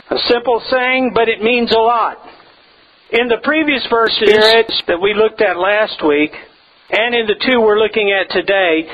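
A man's voice: high voice, lo-fi sound. A man preaching a sermon as pastor, emphatic and repeating his key phrases to drive them home.

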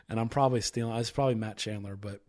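A man's voice: on the low side, steady tone, fast, a little mellow. A man hosting a casual faith discussion, talking things through conversationally with restarts and reading scripture aloud with rising emphasis.

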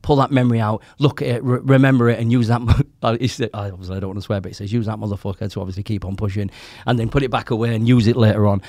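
A man in his forties, a podcast guest telling his story in casual, animated chat, quoting people and swearing as he goes. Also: lowish voice, rapid-fire, hardly any pauses, no room sound, clean studio sound. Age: 40s.

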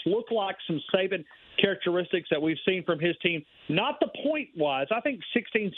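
A man's voice: sits high, husky. Emphatic man on a tinny phone line. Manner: rambling, emphatic, many restarts. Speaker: radio host guest. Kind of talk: sports radio phone interview.

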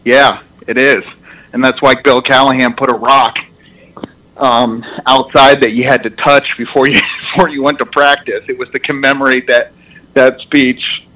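A young man in casual chat, telling lively stories with laughter and frequent restarts, heard over a radio broadcast. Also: mid-range voice, moderate pace, rough recording. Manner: animated storyteller, laughs a lot, restarts. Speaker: former football player guest.

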